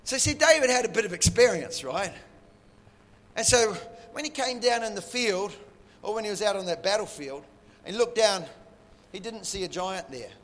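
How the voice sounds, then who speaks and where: A high-voiced man preaching with bright, forceful energy, acting out a story with playful sound effects. His voice rings in a large hall with a long echo and faint ambience behind. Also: expressive, normal speed, pauses often. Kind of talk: animated sermon storytelling.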